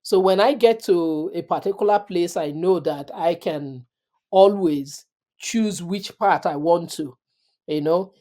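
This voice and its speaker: A middle-aged woman talking earnestly in an interview, reflecting in a measured way and drawing on her faith. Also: on the low side, warm tone. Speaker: guest.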